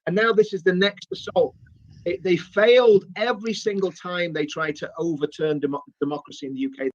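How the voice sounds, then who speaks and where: A man's voice: high-pitched, fairly even intonation, a little fast. A man giving an indignant political monologue with stumbling repetitions, heard in a played clip. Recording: dull lo-fi clip audio.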